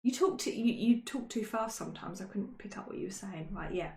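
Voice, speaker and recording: A woman's voice: medium pitch, brisk, creaky, a little mellow, a little hiss or hum. A woman co-hosting a casual history chat, chatty and self-mocking, with frequent ums. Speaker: podcast co-host. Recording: roomy echo.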